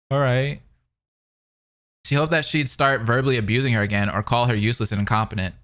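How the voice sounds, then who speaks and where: A man's voice: medium pitch, steady tone, a little fast, fairly bright tone. A young man streaming, reading a novel aloud between rambling, filler-heavy casual chat with viewers. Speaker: streamer reacting to a fan dub.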